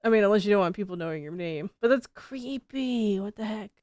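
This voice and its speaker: A woman's voice: mid-range voice, lively intonation, fairly quick, a little mellow, no echo. A woman streamer chatting casually with her viewers, rambling and laughing often, with frequent casual swearing.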